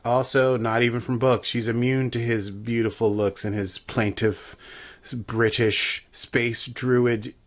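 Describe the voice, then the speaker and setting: A man's voice: medium pitch, level tone, slow pace. A man co-hosting a podcast, chatting casually and jokily as he recaps a TV episode with asides. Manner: chatty and jokey, riffing with asides. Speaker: podcast co-host.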